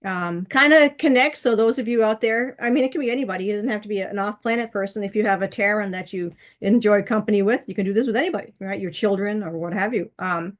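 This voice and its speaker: A woman's voice: medium pitch, quick pace, hardly any pauses. Chatty rambling woman vlogger. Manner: rambling, chatty, laughs often, many restarts. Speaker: channel host. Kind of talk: casual vlog chat.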